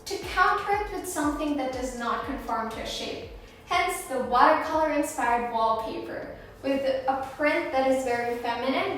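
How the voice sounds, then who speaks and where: Filipina woman chatting about home design, a bit high-pitched, echoey room, music in the background. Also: fairly bright tone. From Philippines. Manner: enthusiastic, shows off samples with a chatty, descriptive flow. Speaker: interior designer and vlog host. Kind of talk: casual design vlog talk to camera. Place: home under renovation, indoors. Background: background music, occasional banging.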